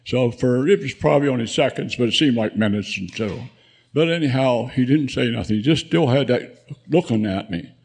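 A man's voice: mid-range voice, animated, a little fast, creaky, darkish tone, breathy edge. A man in his nineties, a veteran guest, telling rambling war memories with frequent chuckles at a live event. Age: 90s. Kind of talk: spoken war memoir.

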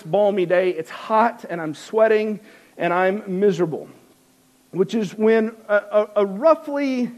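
A man's voice: high-pitched, a little mellow. A man telling a wry, self-mocking personal story to an audience, with many restarts.

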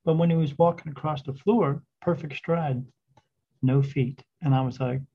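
Gravelly man telling a ghost story. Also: on the high side, fairly even intonation. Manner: rambling, halting retelling with restarts. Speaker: spirit medium, podcast guest. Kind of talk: casual storytelling. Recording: dull lo-fi sound.

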